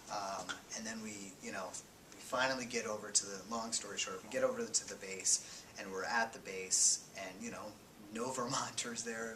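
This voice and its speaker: As a guest speaker in a class, a man with a voice on the low side casually recounts his time as a journalist. He halts often with fillers and drops to a near-whisper on the grim parts. The mic is distant and the background noisy.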